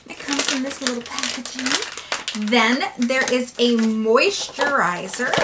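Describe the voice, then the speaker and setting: A woman beauty vlogger unboxing and swatching makeup, gushing and excitable, now and then dropping to a hushed whisper. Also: on the high side, a little hiss or hum.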